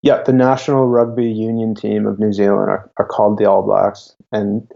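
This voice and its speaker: A young man talks in a relaxed interview, halting often. His low voice is gravelly and mellow. The audio is dull and lo-fi. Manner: halting, with frequent restarts. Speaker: guest, YouTuber. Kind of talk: casual interview talk.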